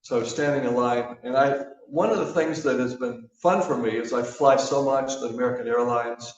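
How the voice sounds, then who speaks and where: A man giving a sermon in a church, telling stories in a relaxed, conversational way with frequent fillers. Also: mid-range voice, fairly quick. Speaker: guest speaker. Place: church sanctuary. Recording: echoey church hall from a distance, dull.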